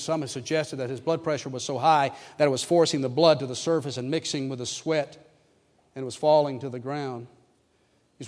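A pastor preaching a sermon with dramatic swings from hushed tones to loud, wailing emphasis. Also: male voice, a little high, in a large hall.

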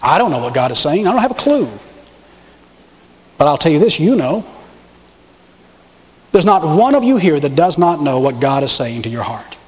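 A man's voice: on the high side, very animated, moderate pace, long pauses, in a large hall. A male pastor preaching a sermon in a church, stressing key words and pressing the congregation to respond. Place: church sanctuary with balcony and choir.

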